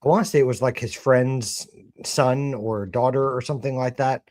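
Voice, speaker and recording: A man at mid pitch who rambles with fillers and jokingly ribs his co-hosts in a casual sports chat. The mic is dry and close. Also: steady tone, moderate pace, darkish tone, dry recording. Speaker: co-host.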